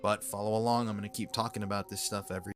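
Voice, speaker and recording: A man's voice: fairly low pitch, flat delivery, racing, faint music behind. A man giving online commentary, reading out emails and reacting to them earnestly.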